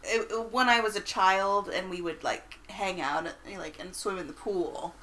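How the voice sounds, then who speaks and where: A woman's voice: mid-range voice, unhurried, pushed and bright, slight background noise, poor audio. A woman co-hosting a podcast, telling a story in an easygoing, giggly way. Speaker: podcast co-host. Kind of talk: casual storytelling.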